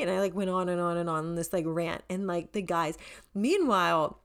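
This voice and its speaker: A woman in her forties, a podcast host telling a story in a chatty, lively way and swearing freely. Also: on the low side, normal speed, clear, resonant tone. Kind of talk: casual storytelling.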